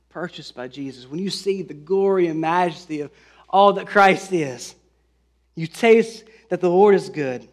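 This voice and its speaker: A man preaching a sermon in an earnest way, with fillers and restarts, lifting his voice for scripture. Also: a little high. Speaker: pastor.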